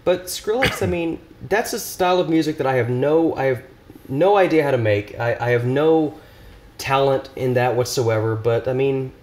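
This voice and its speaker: A man's voice: mid-range voice, moderate pace. A young man guesting on a podcast, talking casually, rambling with lots of restarts and laughter. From Nashville area, US. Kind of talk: casual chat.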